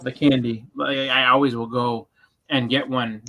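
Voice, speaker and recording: A man's voice: mid-range voice, level tone, moderate pace, pushed and bright, a little hiss or hum, low-quality recording. A man co-hosting a casual livestream, telling rambling stories and slipping into quoted voices.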